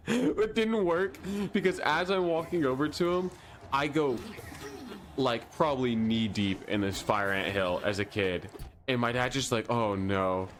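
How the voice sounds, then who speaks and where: A man streamer casually tells a story about himself, animated and self-mocking, breaking into laughter often. His pitch sits in an ordinary middle range. A faint ambient hum runs underneath.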